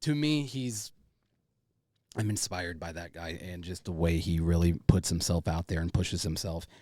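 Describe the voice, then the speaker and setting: A man's voice: deep voice, normal speed, no room sound. Young male podcast host, rambling and hyped, close dry mic. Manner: excitable, swearing, rambling. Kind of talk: casual podcast chat.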